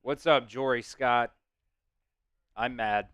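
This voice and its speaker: A man's voice: mid-range voice, fairly even intonation, slow pace, a bit bright, no echo, clean studio sound. A man hosting a live fan stream, giving blunt, frustrated play-by-play with some swearing.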